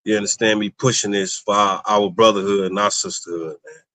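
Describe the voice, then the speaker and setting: Low-voiced man, rambling co-host. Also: steady tone, a little fast, sharp tone, no echo. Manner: rambling, keeps asking "you understand me". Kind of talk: casual religious discussion.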